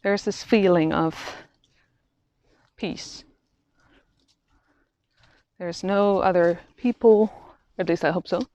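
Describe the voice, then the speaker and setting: A woman talking through a reflective vlog while out on a quiet walk in nature, halting and thoughtful, often restarting her sentences. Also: medium pitch, dry recording. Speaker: vlogger. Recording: dull, slightly lo-fi sound.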